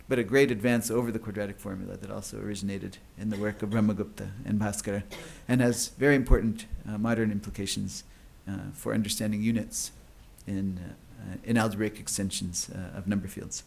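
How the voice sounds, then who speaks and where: A man's voice: lowish voice, fairly even intonation, fairly quick, creaky, hardly any pauses, a little mellow. A man giving an academic lecture at a conference. He explains at length, with many fillers and restarts. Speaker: conference speaker.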